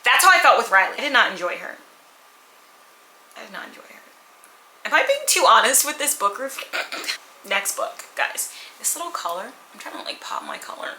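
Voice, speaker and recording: A woman casually reviewing books at home, candid and animated, sometimes acting out characters' lines. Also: a little high, a little fast, roomy sound, slight background noise, low-quality recording. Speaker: book vlogger. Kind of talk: casual chatty book review. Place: at home with a purring cat nearby.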